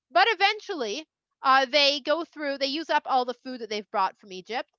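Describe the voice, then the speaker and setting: High, bright-voiced woman storyteller. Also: normal speed, no echo, dull audio. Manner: chatty, expressive, with fillers. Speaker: children's Torah storyteller. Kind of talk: casual storytelling for kids.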